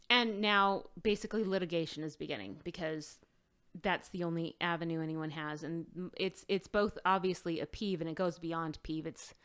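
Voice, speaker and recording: A woman's voice: on the low side, fairly bright tone, smooth. A woman co-hosting a casual podcast, talking in an earnest, chatty way with some hesitant fillers. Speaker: podcast co-host. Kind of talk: casual chat.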